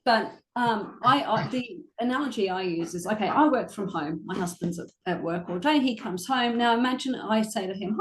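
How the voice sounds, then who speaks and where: A woman's voice: mid-range voice, big pitch swings, normal speed, reverberant. A woman dog trainer talking casually about her clients, chatty with frequent fillers and laughter. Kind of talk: casual conversational chat.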